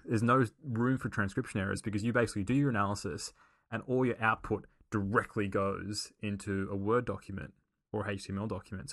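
Male podcast co-host, low and gravelly, earnest explainer, dry close sound. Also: fairly bright tone, dry recording. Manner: earnest, explanatory, with many fillers and restarts. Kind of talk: casual podcast chat.

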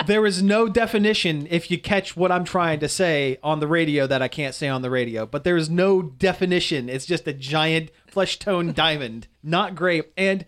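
A male radio host in casual chat, his voice sitting a little higher than most men's. He rambles through fillers and laughs often as he talks. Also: a bit bright.

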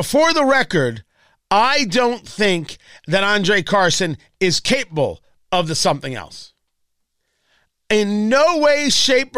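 A man's voice: high-pitched, fairly bright tone, no room sound, clean studio sound. A man hosting a political talk radio show, delivering a sarcastic, mocking monologue full of rhetorical questions. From Indianapolis area.

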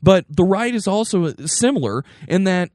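Young man, casual podcast co-host, mid pitch, dry close mic, animated and rambling. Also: moderate pace, no echo. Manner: animated, rambling with restarts, mocking impressions. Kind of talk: casual political chat.

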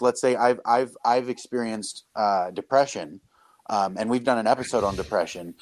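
A man co-hosting a faith podcast, talking in a halting, searching way with many restarts. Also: on the low side, dry recording. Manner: halting, searching for words, grows animated. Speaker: podcast co-host. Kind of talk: conversational podcast chat.

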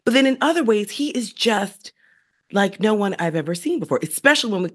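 Co-host, woman, lively swooping delivery, emphatic, casual political chat. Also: mid-range voice, a little fast. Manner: animated, emphatic, quotes people in voices.

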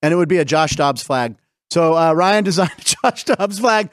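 A middle-aged man hosting a casual comedic sports talk show, rambling through jokes and quick asides. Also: on the high side, expressive, dry recording, clean studio sound. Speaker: host.

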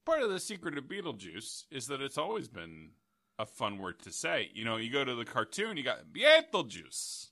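A man trading jokes in a casual podcast chat, his voice very bright and ringing. His pitch sits a little high and jumps around a lot as he riffs and laughs. The sound is close and dry. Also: huge pitch swings, moderate pace, creaky, no room sound. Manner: playful, joking, laughs often. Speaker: podcast co-host.

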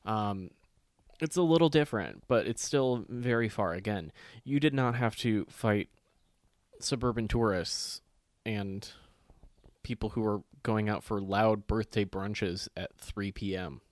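A man's voice: lowish voice, unhurried, no room sound, studio quality. A man, co-hosting a casual chat and telling stories animatedly, swearing freely and acting out other people's lines.

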